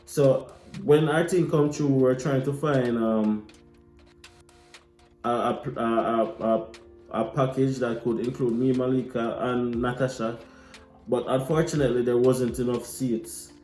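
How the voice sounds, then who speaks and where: A young Jamaican man telling a lively, casual story, slipping into patois. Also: medium pitch, unhurried. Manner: animated, mixes patois into his telling. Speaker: vlogger. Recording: echoey room with light music.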